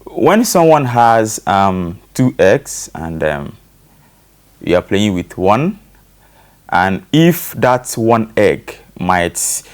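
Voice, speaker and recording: A man's voice: fairly low pitch, sing-song, very slow. A man with a Nigerian English accent, a panel guest on a talk show, explaining at length and leaning on fillers like "you know".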